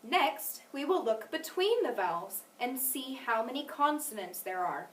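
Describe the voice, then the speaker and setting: A woman teaching a phonics lesson, patient and clear, stressing syllables carefully and encouraging her student. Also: high-pitched, big pitch swings, a little slow, recorded from a distance, a little hiss or hum. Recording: echoey room, voice from off mic.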